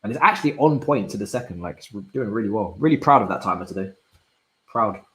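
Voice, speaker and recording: Excitable young man reacting live. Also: fairly low pitch, fast, echoey room, poor audio. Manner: excitable, swings from muttering to shouting, frequent slang. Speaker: football watch-along streamer. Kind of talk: live match reaction commentary. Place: indoor room at home.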